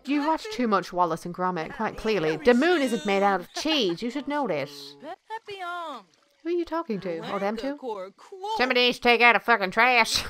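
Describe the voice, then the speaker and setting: A woman giving crude, excitable commentary while playing a video game. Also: mid-range voice. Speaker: let's play gamer. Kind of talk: gameplay commentary.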